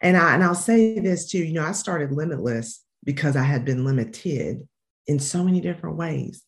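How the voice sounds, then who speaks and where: A woman with a Southern American accent, answering interview questions as an education consultant and coach in an earnest, emphatic way, slowing down to stress key phrases. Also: low voice, animated.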